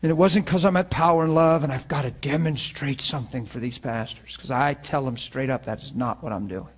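A man's voice: mid-range voice, a little fast, breathy edge. A man, a pastor, giving an informal sermon to students in a room and online, telling personal stories in an earnest, conversational way before closing in prayer. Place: room with students present, also streamed online.

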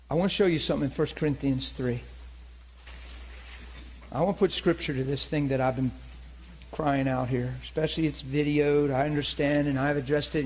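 A man preaching to a crowd at a church meeting, telling a story in an animated way and acting out the voices in it. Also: a little high, rough recording. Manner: animated, laughing, acts out voices in his story. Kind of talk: storytelling sermon.

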